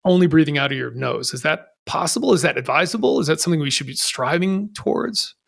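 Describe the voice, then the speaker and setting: Gravelly man casually asking questions. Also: a little high, fast, fairly bright tone. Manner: loose, casual questioning with fillers. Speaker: podcast host. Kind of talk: casual podcast interview.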